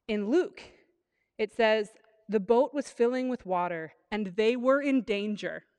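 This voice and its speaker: A woman's voice: fairly high pitch, unhurried, clean tone. Woman preaching in a reverberant hall. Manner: casual, lively storytelling with playful asides. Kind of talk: sermon.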